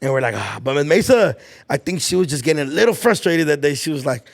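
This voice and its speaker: Fast and a little high, with vocal fry, this young podcast host's voice carries casual storytelling chat about school. He swears a lot, leans on slang, and animatedly acts out the people he quotes.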